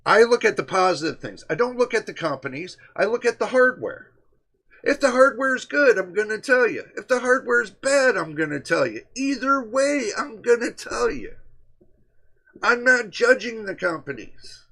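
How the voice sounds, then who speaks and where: Man, livestream host, casual chat, gravelly voice, slightly high pitch, emphatic and repetitive. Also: lively intonation, normal speed, sharp tone.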